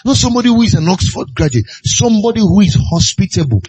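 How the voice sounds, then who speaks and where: A man's voice: high-pitched, big pitch swings, quick pace, darkish tone, husky. A man preaching a sermon, pressing his point with repeated rhetorical questions. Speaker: pastor.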